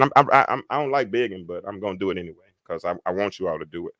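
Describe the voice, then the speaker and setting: A man hosting a livestreamed Bible lesson. He shifts between loud, high-pitched preaching and quiet muttered asides, and he often stumbles and restarts. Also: animated, very fast, few pauses, dry recording. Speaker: preacher and podcast host. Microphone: computer mic on a livestream.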